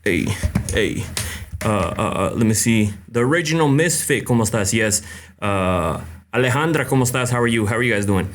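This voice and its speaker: A man's voice: fairly low pitch, expressive, fairly quick, background noise. Casual man greeting livestream viewers. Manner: greets viewers by name, many fillers, mixes in Spanish greetings. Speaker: livestream host.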